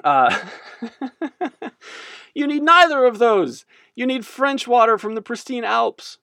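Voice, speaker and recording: A man's voice: extremely high pitch, expressive, slow pace, vocal fry, bright, forceful tone, dry recording, studio quality, voice pushed up, full character voice. A man voicing a snotty French bottled-water brand in a mock French accent. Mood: snooty. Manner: snooty, put-on French accent.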